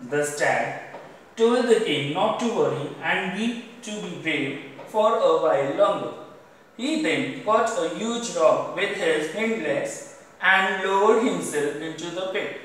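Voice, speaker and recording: A man's voice: high-pitched, a bit bright, slight background noise. Man with an Indian accent reading a lesson. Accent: Indian English. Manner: repeats "underline the word" between sentences. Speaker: teacher. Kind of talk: reading a story aloud and explaining words. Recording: echoey room, voice far from mic.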